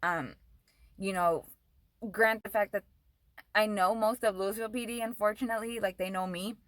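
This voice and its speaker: A woman's voice: mid-range voice, fairly even intonation, normal speed, no echo, poor audio. A young woman vlogger telling a story in a casual, rambling way, swearing often and saying "like" a lot. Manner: profane, rambling, says "like" a lot.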